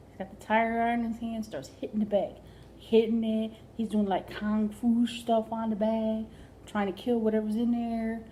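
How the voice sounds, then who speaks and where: Woman comic storyteller, mellow and fairly high, animated, whispery asides. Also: a little hiss or hum, low-quality recording. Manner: animated, drops to whispers for effect. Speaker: stand-up comedian.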